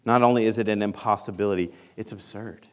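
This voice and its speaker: A man's voice: fairly even intonation, fast. A man preaching a sermon on confession, emphatic, often checking in with "right?". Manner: emphatic, repeats "right?" to the congregation; acts out sample confessions in a higher voice.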